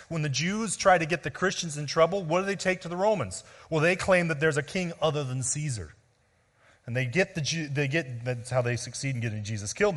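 Earnest male preacher in a reverberant hall. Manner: earnest teaching tone, dropping low and soft on key words. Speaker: pastor. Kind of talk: sermon.

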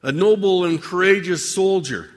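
A man preaching a dramatic sermon monologue addressed to God, with measured, theatrical delivery and long pauses. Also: high voice, big-room sound.

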